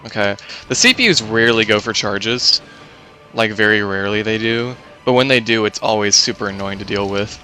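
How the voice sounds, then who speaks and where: A man with a lowish, bright, forceful voice talks through his own speedrun live. He explains mechanics in a loose, chatty way, full of fillers and false starts, with soft game music underneath. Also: fairly quick. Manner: casual, explanatory, many fillers and restarts.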